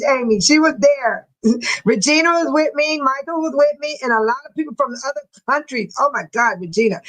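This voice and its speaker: Older woman, high-pitched, chatty livestream host who keeps breaking into laughter. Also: low-quality recording. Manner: laughs often, animated and chatty. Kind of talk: casual livestream chat reading viewer comments.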